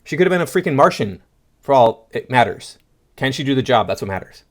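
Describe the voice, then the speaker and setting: A man's voice: mid-range voice, sing-song, a little fast. Sarcastic man riffing on posts. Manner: sarcastic, scoffing. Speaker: political commentary host. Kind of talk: reading and reacting to posts.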